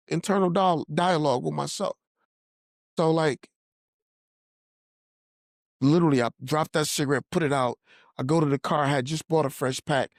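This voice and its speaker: A man's voice: fairly high pitch, fairly even intonation, normal speed, long pauses, no echo, clean studio sound. Earnest man telling a faith story. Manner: earnest storytelling, acts out the voices of people he quotes. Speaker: podcast guest telling his testimony. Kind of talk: personal faith testimony.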